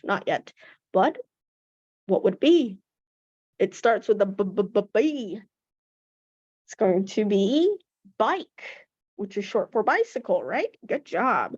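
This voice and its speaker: A woman's voice: mid-range voice, darkish tone, no room sound. A woman teaching young children English phonics, patiently sounding out letters and praising answers. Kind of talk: slow phonics lesson to children. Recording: dull lo-fi recording.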